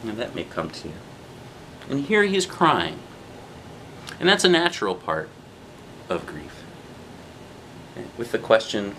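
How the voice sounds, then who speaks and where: Father reading to kids, deep-ish, gentle, conversational asides, faint room hum. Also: huge pitch swings, measured pace, pauses often. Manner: gentle, chatty, asks the listener questions. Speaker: father reading a picture book aloud. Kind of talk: children's read-aloud with casual asides.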